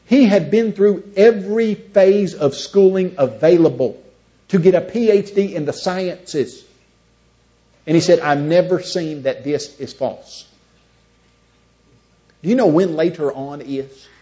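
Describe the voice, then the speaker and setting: A man with a high, lively voice addresses a seminar crowd, firing off rhetorical questions and acting out little dialogues. The recording is dull and lo-fi. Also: unhurried. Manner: storytelling, acts out both sides of imagined dialogues. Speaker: creationist seminar speaker. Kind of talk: seminar talk to an audience.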